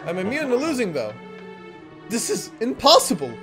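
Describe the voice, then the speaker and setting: Excitable let's play commentator. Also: mid-range voice, moderate pace, over music. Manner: exclaiming, raised excitable reactions. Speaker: gaming YouTuber.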